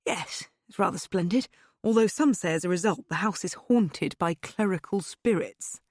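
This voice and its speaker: Fields: Sex: man, read by a woman. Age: middle-aged. Figure: genteel aristocrat. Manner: polite, measured, reassuring. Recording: dry. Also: on the low side, a little mellow, no room sound, natural voice. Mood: courteous.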